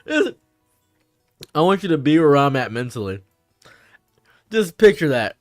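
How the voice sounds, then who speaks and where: A young man chatting casually on a live stream, animated, rambling and laughing often. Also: a little high, unhurried, no room sound, studio quality, soft background music.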